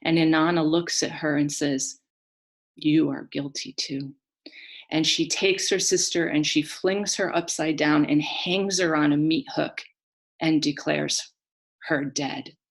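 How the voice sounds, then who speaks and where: A woman narrates an old myth in a solemn, dramatic storytelling style. Her voice is low-pitched and her pace is slow and deliberate. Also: steady tone. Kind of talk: mythic storytelling.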